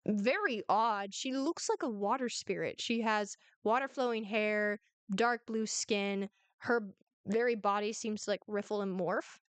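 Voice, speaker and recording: A young woman running a tabletop game as game master, narrating in a lively way and laughing between lines. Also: medium pitch, clean tone, dry recording.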